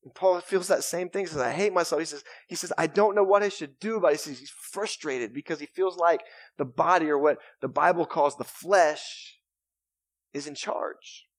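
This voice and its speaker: A man's voice: on the high side, normal speed, no room sound. A pastor preaching an earnest, conversational sermon and repeating phrases as he goes. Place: church sanctuary.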